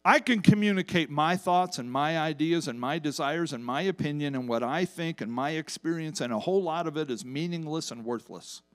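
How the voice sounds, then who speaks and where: A man pastor preaching a sermon from a church stage, with wide swings in pitch and loudness, drawn-out emphasis on key words and casual asides to the congregation. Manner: acts out quoted voices in Bible stories, casual asides to congregation.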